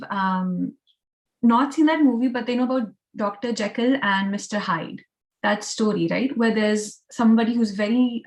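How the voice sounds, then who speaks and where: A woman, a keynote speaker leading a group activity in an encouraging, chatty way. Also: medium pitch. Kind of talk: online club session hosting.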